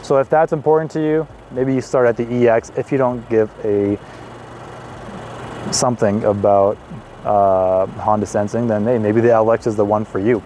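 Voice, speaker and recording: A man in his twenties hosting a car review, talking in an excitable, chatty way with casual asides as he walks around a parked car outdoors. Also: lowish voice, normal speed, slight background noise. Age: 20s.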